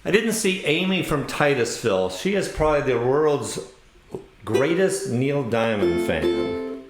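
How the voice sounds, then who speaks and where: A man's voice: mid-range voice, unhurried, soft background music. A man hosting an online ukulele play-along, chatting casually and self-deprecatingly with viewers between songs. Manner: relaxed, self-deprecating, chuckles often. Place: home room with ukulele. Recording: roomy echo with loud ukulele. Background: ukulele playing.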